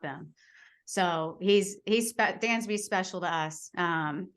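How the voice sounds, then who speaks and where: Lower-voiced woman telling stories. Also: slow, fairly bright tone. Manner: storytelling, enthusiastic, many fillers. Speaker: baseball reporter, podcast guest. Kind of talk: casual chat.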